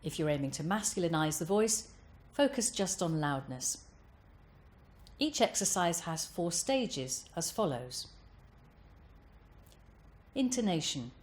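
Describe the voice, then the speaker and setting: A woman coaching voice exercises, giving measured, clear step-by-step instructions. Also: on the low side, very animated.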